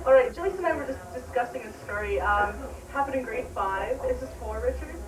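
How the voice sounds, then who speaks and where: A woman's voice: sits high, moderate pace. Giggly young woman in a noisy room. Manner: giggly, animated storytelling. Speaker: old classmate telling a story. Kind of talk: casual anecdote to camera. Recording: echoey room, distant mic, crowd chatter.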